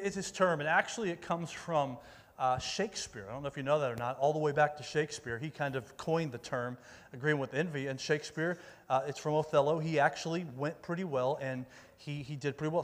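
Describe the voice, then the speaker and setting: A male youth pastor gives a casual sermon, upbeat and chatty, and he keeps rallying the crowd. His voice sits a little higher than most men's. It rings out with the long reverb of a large meeting hall. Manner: upbeat, rallies the audience, calls out for volunteers. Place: church meeting room with an audience.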